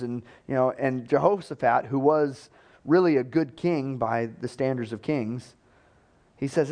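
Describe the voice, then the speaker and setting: A man's voice: mid-range voice, measured pace, warm tone. A man preaching a sermon in a conversational storytelling way, acting out the voices he quotes.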